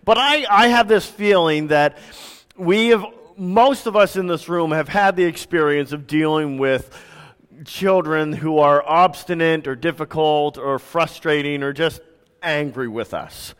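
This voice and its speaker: A man in his thirties, a pastor preaching a sermon with relaxed, self-deprecating stories. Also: a little high, a little slow, clear, resonant tone. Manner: conversational, self-deprecating storytelling. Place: church sanctuary. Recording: reverberant church hall.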